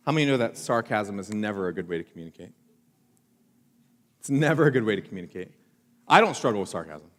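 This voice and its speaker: A man's voice: on the low side, animated, a little fast. A male pastor preaching a sermon, telling jokey self-mocking stories to the congregation. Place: church auditorium. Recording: church hall with long reverb.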